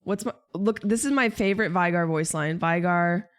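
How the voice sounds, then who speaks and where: A woman's voice: lowish voice, normal speed. A young woman streamer chatting casually and jokingly, answering her chat.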